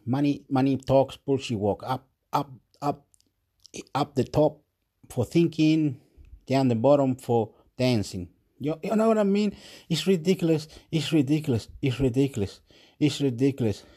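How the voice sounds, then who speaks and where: A man's voice: medium pitch, lively intonation, moderate pace, dark tone, breathy edge. A man ranting in a rambling monologue. He keeps repeating himself, stumbles over words and laughs now and then. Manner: repetitive, stumbling, frequent laughs; agitated, exasperated rant.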